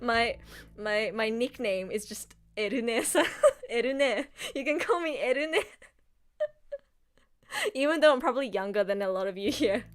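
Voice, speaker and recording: A woman's voice: a little high, normal speed, pauses often, dry recording. Giddy young woman gushing on stream. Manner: gushing, excitable fan talk with frequent giggling. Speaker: voice actress streamer. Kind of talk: casual live-stream chat. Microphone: laptop streaming setup.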